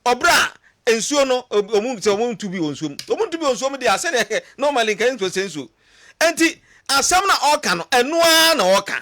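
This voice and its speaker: A Ghanaian man speaking as a labour representative on a radio panel, halting and restarting as he makes his point. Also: extremely high pitch, big pitch swings, bright, forceful tone. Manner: halting, stammers before making his point. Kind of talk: radio debate.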